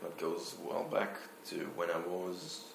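A young man from Israel speaks with an Israeli accent, his voice sitting very low. He talks through his ideas slowly and thoughtfully, now and then hunting for the right word. The room around him rings with echo. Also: completely flat delivery, gravelly, slight background noise. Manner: thoughtful, searching for words. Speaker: guest violinist. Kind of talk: casual interview talk.

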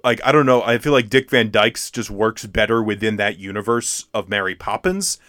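Bright-voiced man, opinionated. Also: fairly low pitch, lively intonation, moderate pace, dry recording. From United States. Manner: opinionated, with many restarts and loud mocking impressions. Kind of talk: casual chat.

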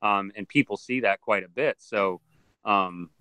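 Man, crocodile handler, lowish voice, bright and crisp tone, dry sound, animated storytelling with voices. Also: a little slow, no room sound, rough recording. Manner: animated storyteller who acts out other people's voices. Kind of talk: casual interview storytelling. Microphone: video call.

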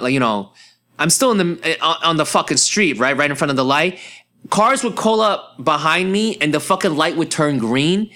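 Young New guy, bright forceful voice, ranting and cursing about his day. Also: on the high side. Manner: profane, ranting, heated. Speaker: podcast host. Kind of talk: casual ranting monologue.

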